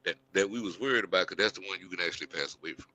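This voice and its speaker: A man's voice: low-pitched, racing, bright, forceful tone, no echo, rough recording. A man in a casual podcast chat, talking emphatically about the old days.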